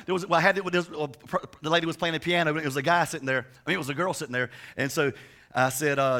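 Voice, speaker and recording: Bright-voiced man preaching a chatty sermon. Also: on the high side, fairly even intonation, racing. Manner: chatty storytelling with many restarts. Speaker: pastor.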